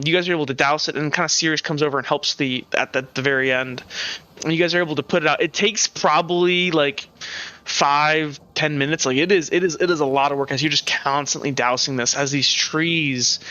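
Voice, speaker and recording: A man's voice: a little high, bright, forceful tone, smooth, highs cut off. A man narrating as game master on a live stream, rambling and often correcting himself mid-sentence.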